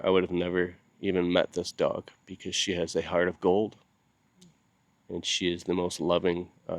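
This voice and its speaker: A grieving man speaks straight to the camera in a low voice, stopping often and repeating himself. He sounds worn out from lack of sleep. The recording is close and dry, with no room sound. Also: no room sound. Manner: halting, with many pauses and repeated words; grieving and heartfelt. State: sleep-deprived. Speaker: video channel host. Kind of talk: casual talk to camera.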